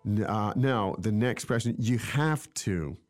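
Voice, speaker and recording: Halting male co-host teaching a language. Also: on the low side, lively intonation, faint music behind. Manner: halting, with many restarts. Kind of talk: casual teaching chat.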